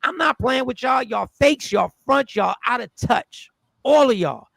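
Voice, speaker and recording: A man's voice: very high-pitched, expressive, unhurried, gravelly, fairly bright tone, no room sound. A man hosting a live talk show, ranting in a fired-up, preachy way. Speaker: show host.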